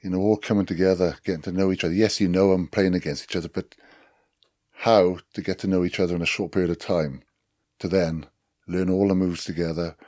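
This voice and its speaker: A man with a Welsh accent, a former rugby player, telling lively anecdotes as a podcast guest with swearing and laughs. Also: low-pitched, a little fast, no room sound, studio quality. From Wales. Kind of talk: casual storytelling chat.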